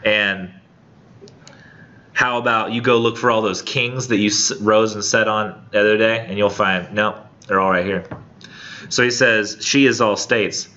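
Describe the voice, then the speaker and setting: A man's voice: on the low side, steady tone, a little slow, pushed and bright, lo-fi sound. A man in his thirties teaching a college literature class, reading a poem aloud and then explaining it in a chatty, joking way with lots of "like" and "um". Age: 30s. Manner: casual, chatty, frequent "like" and "um", jokey paraphrase. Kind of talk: classroom lecture with poetry reading.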